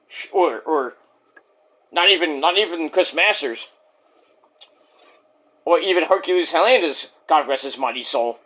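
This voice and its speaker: Brief: rambling wrestling reviewer, man, bright and animated, cracks jokes mid-recap. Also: on the high side, moderate pace. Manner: rambling, jokey, self-interrupting. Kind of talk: casual review vlog.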